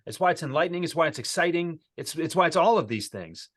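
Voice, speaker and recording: A man's voice: on the high side, animated, fast, a bit bright. A man who is a guest sales speaker on a video call, talking in a casual, reflective coaching way with repeated phrases.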